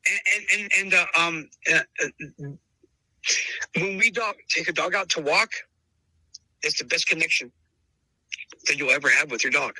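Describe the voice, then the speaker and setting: Man, casual interview, emphatic and repetitive, fairly high voice, hard sharp tone. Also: moderate pace, long pauses, dry recording, rough recording. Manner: emphatic, repeats himself, calls listener brother. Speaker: podcast host interviewed as dog trainer.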